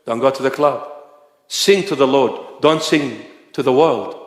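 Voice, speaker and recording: A man preaching a sermon, forceful and at times shouting. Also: medium pitch, measured pace. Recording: echoey hall.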